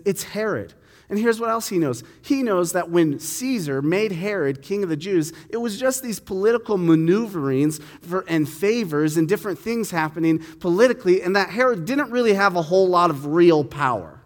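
A man preaches a sermon, reading scripture and explaining it conversationally while acting out the dialogue with voices. His voice is mid-range, and the sound has a big-room quality.

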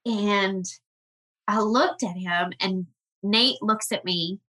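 A woman guest on a podcast, telling a personal story in an earnest, emotional way with halting restarts. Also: medium pitch, sharp tone, poor audio.

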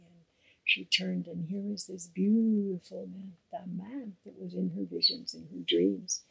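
A woman telling a traditional story out loud in an unhurried way, full of fillers and trailing soft phrases. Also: fairly low pitch, flat delivery, dry recording, low-quality recording. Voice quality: husky, gravelly. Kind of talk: oral storytelling.

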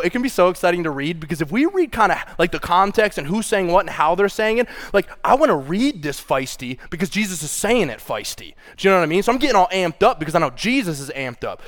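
A young adult man preaching a sermon, reading scripture with feeling and playful, animated asides. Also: high-pitched. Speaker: pastor.

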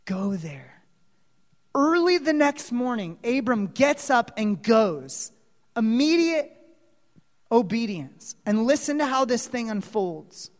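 A man preaching a storytelling sermon, dramatic, moving from hushed asides to loud exclamations and asking listeners questions, in a hall with long reverb. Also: very high-pitched, big pitch swings, takes it slowly.

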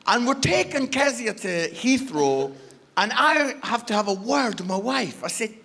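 Animated Scottish preacher, high lively voice. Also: male voice, a little slow. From Scotland. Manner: animated, humorous, acts out dialogue. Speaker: guest preacher. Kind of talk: sermon with personal storytelling.

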